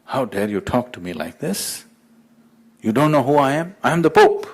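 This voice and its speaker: A man's voice: mid-range voice, big pitch swings, normal speed, pitched above the performer's own voice. A man voicing an indignant, self-important Pope turned away at heaven's gate, talking with pompous outrage.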